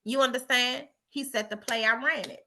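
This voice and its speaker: A woman's voice: fairly high pitch, steady tone, moderate pace, bright, forceful tone, a little hiss or hum. A middle-aged woman telling a story and giving a motivational talk, with emphatic repetition and a preachy tone. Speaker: motivational speaker.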